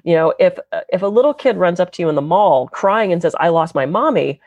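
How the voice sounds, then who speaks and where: A woman's voice: lowish voice, fast, warm tone, dry recording, lo-fi sound. A woman guest speaking as a therapist, explaining her work in an earnest, conversational way. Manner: earnest, explanatory, slips into quoted voices.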